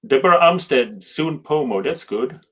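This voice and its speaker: A man hosting a live show who reads out viewer comments and jokes around, talking haltingly with frequent restarts. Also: fairly high pitch, animated, pushed and bright. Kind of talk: casual live-stream chat, reading viewer comments.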